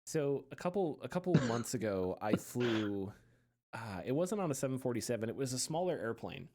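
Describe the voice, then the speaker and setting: A man's voice: mid-range voice, very animated, moderate pace, mellow. Rambling, chuckling male podcaster. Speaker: podcast co-host. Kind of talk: casual chat.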